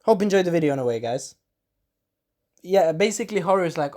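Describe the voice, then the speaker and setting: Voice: medium pitch, lively intonation, fast talker, a little mellow. Rambling anime reviewer. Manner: rambling, swears, acts out quotes. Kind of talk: casual spoken review.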